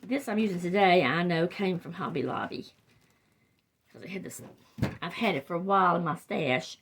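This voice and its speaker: Speaking at a normal speed, a Carolinas woman with a Southern US accent uses a lowish, fairly bright voice, with a little hiss or hum on the recording. She's an older wreath crafter giving a casual tutorial, chatty and rambling, drifting off mid-thought and restarting.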